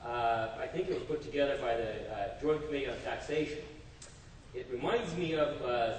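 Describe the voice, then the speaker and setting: A man's voice: fairly high pitch, slight background noise. A man giving a public forum speech as a congressional chief of staff, telling anecdotes and jokes with frequent fillers. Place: public meeting hall. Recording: echoey hall from far off.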